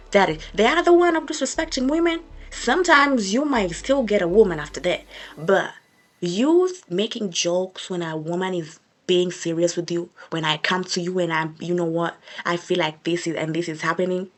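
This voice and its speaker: A young woman vlogger giving a sassy, emphatic storytime rant to camera, repeating her points for effect. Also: lowish voice.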